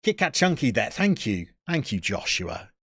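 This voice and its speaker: A man's voice: mid-range voice, big pitch swings, moderate pace, gravelly, a bit bright, husky, dry recording, studio quality. A man, chatting casually as a streamer and answering his live chat with joking, opinionated banter.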